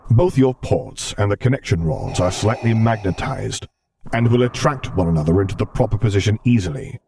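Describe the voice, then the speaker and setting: A man's voice: on the low side, a little fast, creaky, dark tone, a little hiss or hum. A man voicing Darth Vader as a stern older cyborg mentor, clipped and instructive, in a storybook reading. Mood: assured.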